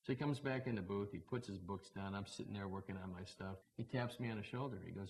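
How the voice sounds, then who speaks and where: A man, a former baseball broadcaster, telling anecdotes in a relaxed storytelling way. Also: on the low side, fast talker, hardly any pauses, slight background noise, poor audio. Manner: relaxed raconteur, briefly mimics others in quotes.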